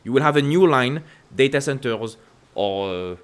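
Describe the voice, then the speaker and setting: A man with a French accent hosting casual stock-market commentary, asking emphatic rhetorical questions and jumping up in pitch to stress points. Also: animated, normal speed, clean tone. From France. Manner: emphatic, repetitive rhetorical questions with sudden upward pitch leaps. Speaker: investing channel host.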